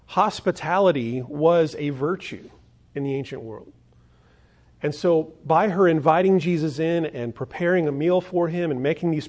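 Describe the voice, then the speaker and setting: A male pastor delivers a sermon in an earnest, emphatic manner. His voice sits a little higher than most men's. He repeats his key lines slowly to drive them home. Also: darkish tone.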